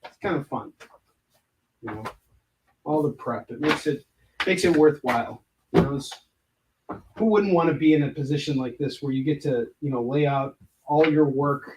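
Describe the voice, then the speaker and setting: A man's voice: fairly high pitch, normal speed, pauses often, noisy background. Fields: man, casual livestream chat, rambling, distant mic. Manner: rambling, joking, with chatty asides to viewers. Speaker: comic artist livestreaming convention prep. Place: indoor prep room where he packs books.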